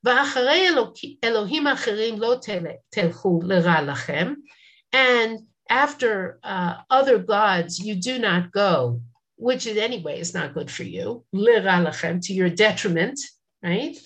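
Lady teaching a bible class, reads lines then explains, chatty asides, middle pitch. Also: animated, a little slow, a bit bright. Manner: reads Hebrew verses then translates, conversational asides. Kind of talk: text study lesson.

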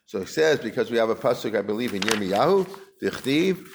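A man with a lowish voice and big pitch swings teaches a Talmud class at a brisk pace, with background noise present. He chants Aramaic passages, then explains them in casual English, conversationally questioning the class and often restarting sentences.

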